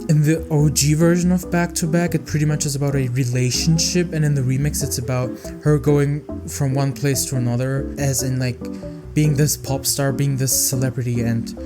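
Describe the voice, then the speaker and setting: A young man chatting casually through a song-by-song music review, rambling and expressive, with music playing behind him. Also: mid-range voice.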